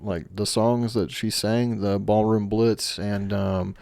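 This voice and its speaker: Low-voiced man on a dry podcast mic. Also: fairly even intonation, gravelly, darkish tone, no room sound. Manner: retells scenes with quick put-on quotes. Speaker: podcast co-host. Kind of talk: casual movie chat.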